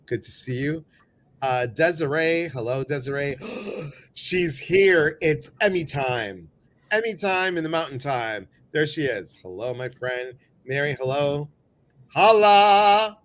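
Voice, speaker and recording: Playful man hosting a live stream. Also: a bit bright. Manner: playful, jokey, swings his voice up high. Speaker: host of a live show. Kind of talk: casual live-stream chat, greeting viewers.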